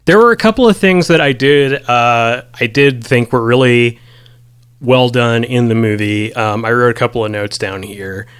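A man talks over a movie on a casual podcast, meandering with many ums and reading quotes straight from his notes. He speaks at normal speed in a mid-range voice that's smooth and slightly bright.

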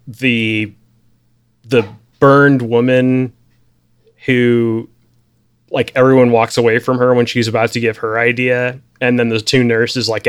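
A man chats loosely about a film with a podcast co-host, his sentences wandering and full of fillers. His voice is smooth and clear, at an ordinary pitch for a man. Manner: relaxed, rambling, frequent fillers. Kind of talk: casual film discussion.

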